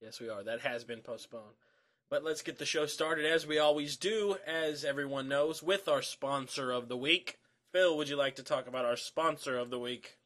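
A man's voice: mid-range voice, normal speed, fairly bright tone. A man co-hosting a podcast, trading dry jokes in casual chat. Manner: joking, dry banter. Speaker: podcast co-host.

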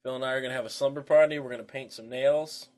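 A man's voice: mid-range voice, fairly even intonation, fast talker, darkish tone. Teasing man joking on a podcast. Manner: teasing, crude, laughs often. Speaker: podcast co-host. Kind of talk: casual chat.

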